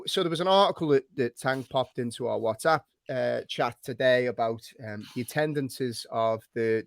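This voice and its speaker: A man hosts a casual football podcast, laughing easily and steering topics. His voice sits at a middle pitch for a man. The recording is close and dry. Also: dry recording. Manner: laughs often, leads topics. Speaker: podcast host. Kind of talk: casual chat.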